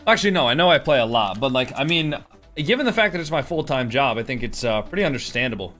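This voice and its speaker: A man's voice: medium pitch, very animated, fast, a bit bright, soft background music. A tired young man streaming and commentating a match casually, calling plays loosely and swearing as he chats with viewers. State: tired, yawning.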